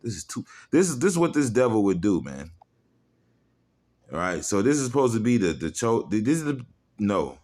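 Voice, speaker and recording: Deep-voiced man in a fiery rant. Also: sing-song, moderate pace. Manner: fiery, mocking, profane, drops into quiet asides; reads scripture aloud in old-style wording. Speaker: street-style preacher. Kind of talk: heated religious video rant.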